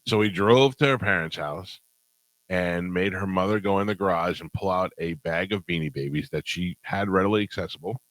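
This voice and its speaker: Deep-voiced male radio host. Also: normal speed, fairly bright tone, no echo, rough recording. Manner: storytelling, amused, laughs often. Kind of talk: casual radio chat.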